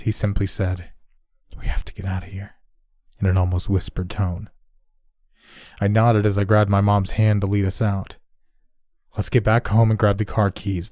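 A man narrating a horror story in the first person with a steady, dramatic reading. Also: fairly low pitch, dry recording, studio quality.

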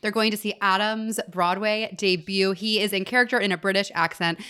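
A woman in her thirties, a podcast guest, chatting and telling stories in an animated, self-mocking way. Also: mid-range voice, fairly quick, clean tone. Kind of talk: casual chat.

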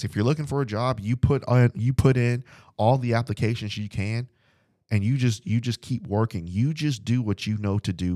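A young man with a low voice gives an informal Bible study talk. He speaks conversationally, driving his points home by repeating them. The recording is dry and close. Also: a little mellow, no echo. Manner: conversational, repetitive and emphatic, addresses "guys". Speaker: Bible study podcast host. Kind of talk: informal preaching.

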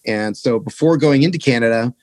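A man's voice: mid-range voice, a little fast, darkish tone, no echo. Profane rambling man telling road stories. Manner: profane, rambling, laughing storyteller. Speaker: touring musician guest. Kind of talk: casual storytelling.

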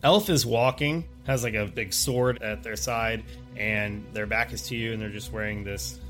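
Man, game master, low voice, rambling narration, faint music. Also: fairly even intonation, normal speed, a bit bright. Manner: rambling, filler-heavy description.

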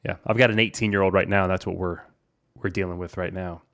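A man in his forties hosts a podcast and talks through money tips in a loose, chatty way, checking in with "right?" as he goes. His voice sits fairly low. The sound is dry and close. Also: steady tone, fast talker, vocal fry, fairly bright tone, no echo. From New Orleans. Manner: chatty, conversational, says "man" and "right?" often. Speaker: podcast host. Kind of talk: casual financial advice talk.

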